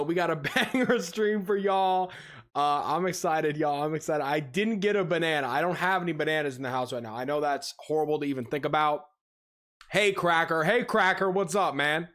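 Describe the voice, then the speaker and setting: A male livestream host with a somewhat high voice chats casually with his audience. He is animated and teasing, and his pitch leaps upward as he greets viewers. He laughs often as he goes. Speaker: livestream host reacting to videos.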